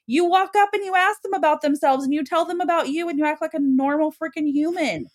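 A woman's voice: high voice, fast talker. Emphatic playful woman guest. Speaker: podcast guest. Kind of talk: casual chat.

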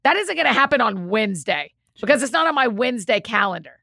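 A woman with a lilt explains her ideas with eager enthusiasm in a relaxed podcast chat. Her voice is bright and sits a touch high, with a gravelly fry at the ends of phrases. The sound is close and dry. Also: quick pace, no room sound. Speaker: guest author. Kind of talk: casual podcast conversation.

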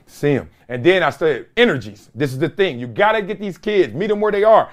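A man's voice: on the high side, big pitch swings, brisk. A middle-aged man hosting a podcast, telling a story in an emphatic, casual way with slang and repeated phrases. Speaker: podcast host. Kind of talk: solo podcast monologue.

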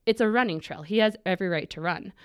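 A woman's voice: medium pitch, quick pace, smooth, dry recording. A woman guest on an interview podcast telling a personal story in detail. She acts out her own past thoughts and mixes earnestness with touches of humor.

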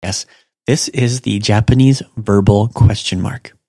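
Male podcast teacher, lowish voice, dry close sound, relaxed explainer. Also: measured pace, husky, no room sound. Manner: relaxed, explanatory, talks through examples. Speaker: language teacher and podcast host. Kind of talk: casual podcast lesson.

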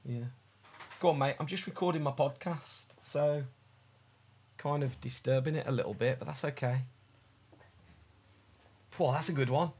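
A man's voice: medium pitch, normal speed, pauses often, darkish tone, a little hiss or hum. A man co-hosting a podcast, chatting in a rambling, casual way from his home office. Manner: rambling, chatty, laughs often. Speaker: podcast co-host. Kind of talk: casual chat.

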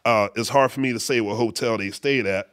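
A middle-aged man, a bass player, casually telling an anecdote in an interview, acting out quotes with many fillers. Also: a little fast, a bit bright, smooth, dry recording, studio quality. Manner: laid-back storyteller who acts out quotes, many fillers. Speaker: guest musician, bass player.

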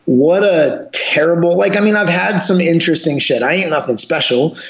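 A man's voice: on the high side, normal speed. A man telling wild stories in a casual, profane, rambling chat. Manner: profane, rambling, animated storyteller. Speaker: podcast guest, jiu-jitsu instructor. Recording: roomy, dull lo-fi sound.

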